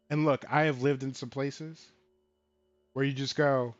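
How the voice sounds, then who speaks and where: A man co-hosting a casual show about tabletop games, talking in an animated, profane way and acting out lines of quoted characters. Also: mid-range voice, unhurried, pauses often, no echo, muffled recording, faint music behind. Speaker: podcast co-host. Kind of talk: casual tabletop game talk.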